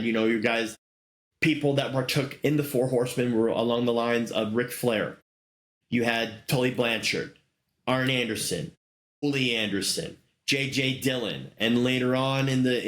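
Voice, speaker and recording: Male host, middle-aged, mid-pitched, eager rambling delivery, echoey room. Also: a bit bright. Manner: enthusiastic, rambling with fillers. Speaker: podcast host. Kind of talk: casual solo commentary. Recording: roomy echo.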